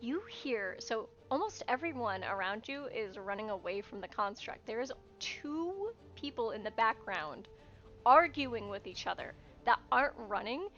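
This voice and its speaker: A woman runs a tabletop game as its game master. Her voice sits high, and she narrates in a casual, descriptive way with easy laughter. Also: a bit bright, muffled recording.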